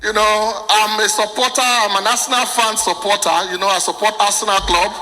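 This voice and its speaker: High, bright-voiced Nigerian male comedian. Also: a little fast, in a large hall, slight background noise, rough recording. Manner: animated storytelling that acts out the people in his stories. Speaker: stand-up comedian. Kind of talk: stand-up comedy performance. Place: live event before an audience.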